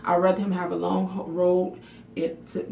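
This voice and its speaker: A woman talks straight to her livestream viewers, frank and emotional, swearing freely and calling out commenters by name. Her voice sits low with a gravelly fry. She stands in a bathroom some way from the mic, so the sound is echoey with faint room noise. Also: flat delivery, moderate pace, warm tone. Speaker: livestream vlogger. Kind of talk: casual livestream chat to viewers. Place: bathroom at home. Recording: echoey room audio picked up from a distance.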